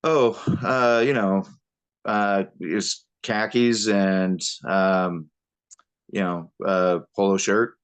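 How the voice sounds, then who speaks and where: A man with a low-pitched voice, telling his story as a podcast guest. He speaks haltingly, with pauses and restarts. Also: steady tone, clear, resonant tone. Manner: halting, many fillers and restarts. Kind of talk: personal storytelling.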